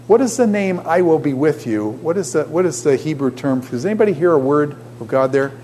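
A male teacher lectures with animation, tossing questions out to his class. His voice sits fairly high for a man. A faint hum lingers behind him. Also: lively intonation, fast talker, dark tone.

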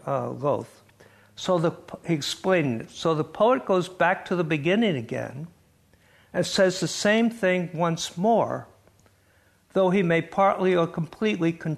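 Older male lecturer, gravelly, slightly high voice, wry and chatty. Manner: wry, chuckling storyteller, reads quotes aloud. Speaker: lecturer on biblical poetry. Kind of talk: classroom lecture.

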